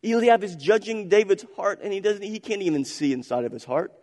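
A man's voice: high-pitched, brisk, a little mellow. A man preaching a sermon with passion, repeating phrases and asking rhetorical questions. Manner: impassioned, repetitive, rhetorical questions. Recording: long hall reverb.

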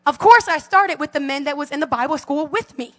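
A woman's voice: sits high, animated, fairly quick, big-room sound. A woman in her forties preaching a fervent sermon as pastor, calling out to her congregation in a church sanctuary. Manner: fervent preaching with call-and-response.

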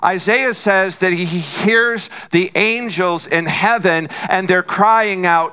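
Man, pastor, sermon, unhurried, bright tone, earnest. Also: sits high, clear, resonant tone. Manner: earnest, repeats for emphasis.

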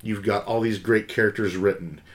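A man with a somewhat low voice talks about his movie picks in a casual chat. He sounds relaxed and enthusiastic. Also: moderate pace. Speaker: podcast co-host.

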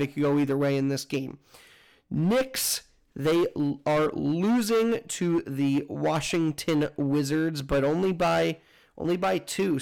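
A man's voice: a little high, gravelly, darkish tone. A man hosting a casual sports news roundup, reading scores and standings in a loose, chatty way that corrects itself as it goes. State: has the hiccups.

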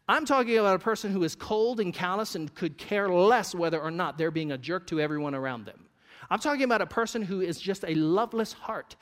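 Male pastor, conversational sermon delivery with humor; high voice, long hall reverb. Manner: conversational, joking asides to the congregation.

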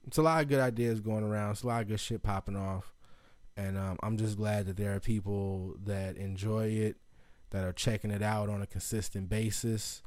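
A man's voice: on the low side, fairly even intonation, normal speed, a little mellow, no echo. A man hosting a casual solo podcast, rambling loosely with lots of restarts and fillers. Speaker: podcast host.

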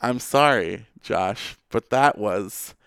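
Smooth-voiced man running a quiz. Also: on the low side, slow, no room sound, studio quality. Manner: deadpan, teasing quizmaster. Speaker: podcast co-host. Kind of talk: casual chat, quiz-style tweet reading.

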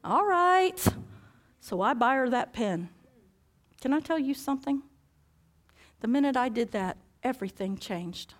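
A woman with a high voice preaches to her congregation and tells a personal story. She acts out the dialogue with animated swings and laughs often as she goes. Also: normal speed, long pauses.

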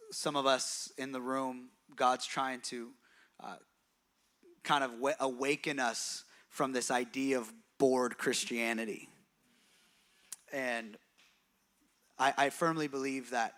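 A man's voice: mid-range voice, a bit bright. A man hosting an interview on a church stage, emotional and encouraging, often restarting his sentences.

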